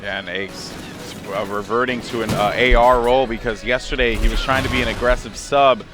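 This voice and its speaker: A man's voice: medium pitch, fairly even intonation, fairly quick. Chatty male esports caster over gunfire. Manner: chatty, jokey, quotes players in put-on voices. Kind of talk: play-by-play commentary. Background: game gunfire and faint music.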